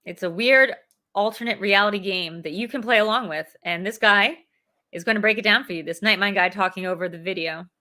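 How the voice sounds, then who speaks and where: Casting note: rambling, chatty woman co-host, bright clear voice. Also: medium pitch, brisk. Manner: chatty, rambling with many likes. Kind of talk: casual chat. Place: home.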